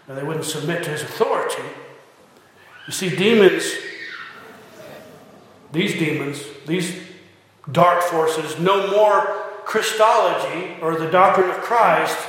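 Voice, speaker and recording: A man delivers a sermon in a high, bright voice. He speaks earnestly, often restarting phrases and voicing quoted lines with emphasis. A long, echoing reverb from a large hall trails every word. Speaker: pastor.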